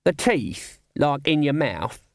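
A man's voice: very animated, slow pace, gravelly, no echo, clean studio sound, full character voice. Nobby, a man doing a jittery guard. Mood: nervous. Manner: higher, hesitant, wheedling. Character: Nobby, scrawny nervous male city guard.

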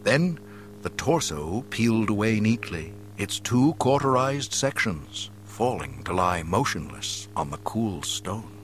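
Low-voiced, expressive male storyteller. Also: a little slow, slight background noise. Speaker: audiobook narrator. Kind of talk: scripted narration.

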